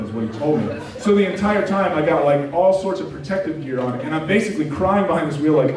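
A pastor preaching a sermon, telling personal stories with animated, self-deprecating humor. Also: male voice, fairly high pitch, fast talker, hardly any pauses, crowd noise. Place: church sanctuary. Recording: very echoey room, distant mic, faint noise.

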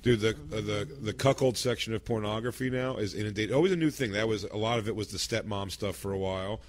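A man's voice: lowish voice, quick pace. A man co-hosting a comedy podcast, riffing crudely in casual chat and acting out little scenes. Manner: crude, riffing, acts out bits. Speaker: podcast co-host.

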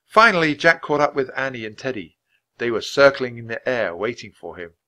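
Man storybook reader, bright and clear, measured pace. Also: medium pitch. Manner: clear, measured, expressive reading. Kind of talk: reading aloud a children's book.

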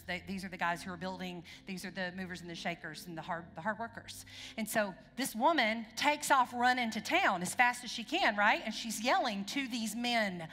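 A woman's voice: mid-range voice, fairly bright tone. A woman preacher giving a conversational sermon in a church, often checking in with the congregation with questions. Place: church sanctuary. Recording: long hall reverb with faint music.

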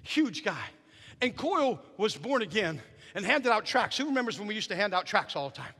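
High-voiced, lively male preacher in a hall. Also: fairly quick. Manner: animated storytelling that builds to fervent shouting. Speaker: guest preacher. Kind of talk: sermon. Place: church sanctuary. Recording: reverberant church hall.

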